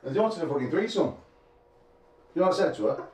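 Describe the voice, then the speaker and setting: At a press conference, a middle-aged arm wrestling promoter talks fast in a fairly high, expressive voice with a darkish tone. He rambles, cracks crude jokes and laughs frequently, all captured from afar in an echoey room.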